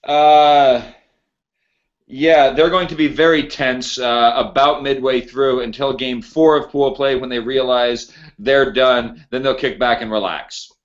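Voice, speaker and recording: A man's voice: medium pitch, fairly even intonation, a little slow, muffled recording. Wisecracking man co-hosting a podcast. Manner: joking, makes wisecracks. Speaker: podcast co-host. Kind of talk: casual podcast banter.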